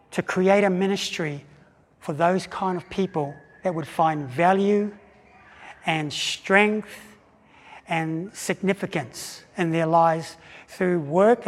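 High-voiced man preaching in a reverberant hall. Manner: animated, acts out quoted voices with pauses and restarts. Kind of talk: sermon storytelling.

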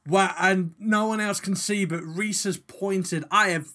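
A man co-hosting a comedy podcast with quick, giggly banter. His voice is high and bright, with a sharp edge. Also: fairly even intonation. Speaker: podcast co-host and narrator. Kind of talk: casual comedy podcast chat.

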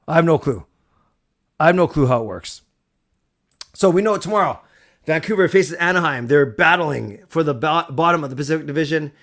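A man's voice: on the high side, a little fast, pauses often, a bit bright. A man hosting a casual live stream, chatty and rambling, thanking viewers as he goes. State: recovered from a cold. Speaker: livestream host.

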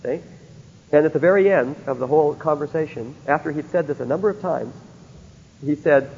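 Gravelly man lecturing in an echoing hall. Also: fairly high pitch, fairly quick, a little mellow, slight background noise. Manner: keeps checking in with rhetorical questions. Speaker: Bible teacher. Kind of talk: recorded theology lecture. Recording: dull lo-fi recording in a reverberant hall.

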